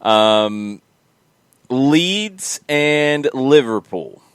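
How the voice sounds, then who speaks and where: A man's voice: mid-range voice, animated, extremely slow, fairly bright tone, clear, resonant tone, dry recording. A man hosting a sports podcast, talking casually through match results and thinking aloud with frequent ums. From United States. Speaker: podcast host.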